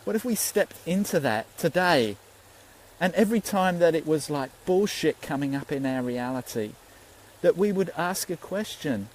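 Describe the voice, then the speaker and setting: A man's voice: fairly high pitch, animated, moderate pace, slight background noise, low-quality recording. A man, a spiritual teacher giving an earnest, rambling Facebook Live talk and swearing freely.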